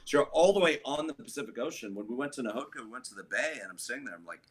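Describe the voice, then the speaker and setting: A man's voice: mid-range voice, expressive, very fast. A man, a guest musician, telling a long story in a casual interview, rambling with lots of "like" and restarts.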